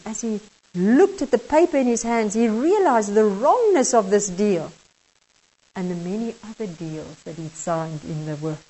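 A woman with a South African accent preaching a sermon as a story, halting and restarting often. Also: a little high, warm tone, rough recording.

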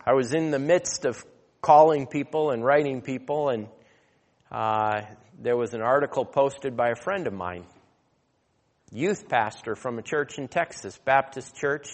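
A man's voice: medium pitch, measured pace. Man preaching in a reverberant hall. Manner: storytelling, grows loud and emphatic when preaching. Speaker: pastor. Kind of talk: sermon.

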